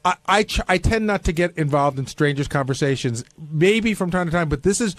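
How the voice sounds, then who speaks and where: A high-pitched male radio host presses his guest with blunt, probing questions. His voice is dry and close on a studio microphone. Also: animated, fairly quick, dry recording. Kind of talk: casual radio interview.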